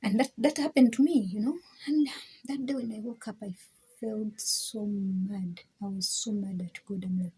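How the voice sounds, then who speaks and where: A woman's voice: mid-range voice, fairly even intonation, moderate pace, warm tone, slightly rough, low-quality recording. A young woman vlogger telling a personal story in a chatty way, repeating words, laughing often and sometimes dropping to a whisper. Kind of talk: casual storytelling.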